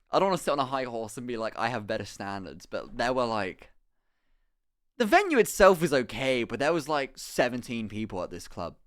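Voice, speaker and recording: A young man, streaming live and telling a story in an animated, rambling way, swearing often and breaking off into asides. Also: mid-range voice, smooth. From England. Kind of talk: casual storytelling to a live chat.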